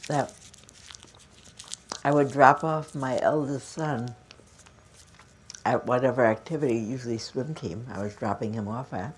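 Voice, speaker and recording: A woman meditation teacher giving a dharma talk, telling a humorous story about herself while calmly cueing stretches. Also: extremely low pitch, measured pace, long pauses, a little hiss or hum. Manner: humorous self-mocking storytelling mixed with calm movement cues.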